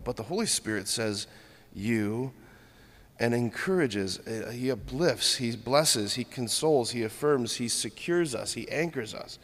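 A man preaching a sermon, earnest and steady, building his points through rhythmic lists. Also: mid-range voice, a little slow. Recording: long hall reverb.

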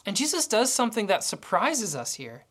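A woman delivers a sermon in a storytelling way. Her voice sits at a middle pitch, and she voices the dialogue as she narrates. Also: big pitch swings, normal speed. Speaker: preacher.

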